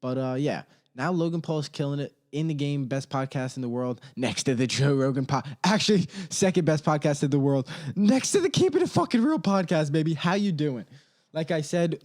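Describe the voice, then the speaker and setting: A man's voice: mid-range voice, darkish tone. A young man hosting a casual comedy podcast alone, rambling in slang and laughing often at his own stories. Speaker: podcast host. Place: home studio. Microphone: studio mic.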